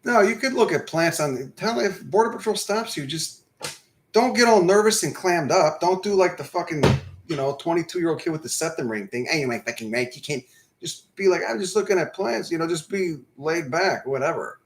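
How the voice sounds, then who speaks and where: A man's voice: fairly high pitch, lively intonation, normal speed. A man in his thirties hosting a livestream. He chats casually, swears freely and drifts from topic to topic in a laid-back way. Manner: profane, digressive, laid-back storyteller. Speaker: livestream host. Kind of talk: casual rambling live-stream chat.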